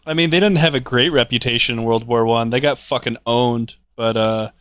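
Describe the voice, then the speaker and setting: A man's voice: mid-range voice, fairly even intonation, brisk, fairly bright tone, clean tone, no room sound. A man co-hosting a podcast, chatting in an offhand, sardonic way and swearing freely. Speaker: podcast co-host. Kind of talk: casual chat.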